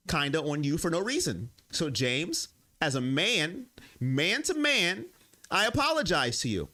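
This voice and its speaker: Man live-streaming, bright sharp voice, high pitched, lively swings, answering comments, ranting then calm. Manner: animated, swings between loud rants and low apologies. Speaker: sports live stream host. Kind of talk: live stream chat, reading viewer comments.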